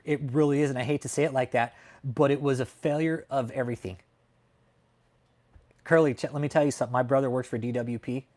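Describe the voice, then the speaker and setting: A man originally from California runs a casual livestream chat from his Texas home, his voice mid-range and dark in tone. He's heated and emphatic, curses freely, and often ends lines with "man."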